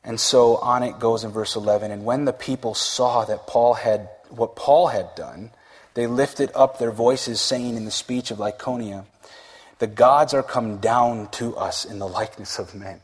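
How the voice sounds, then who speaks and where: Husky man preaching in echoing hall. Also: medium pitch, unhurried. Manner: conversational, laughs often, acts out quoted speech. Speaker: pastor. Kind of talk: sermon.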